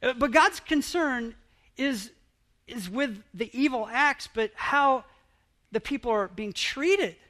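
A pastor preaching a sermon in an earnest, halting way, often restarting his phrases. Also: extremely high pitch, expressive, pushed and bright.

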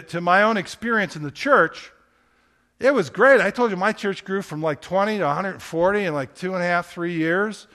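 A man's voice: high voice, bright, forceful tone. A man, a pastor, preaching a sermon in a conversational storytelling way, asking rhetorical questions.

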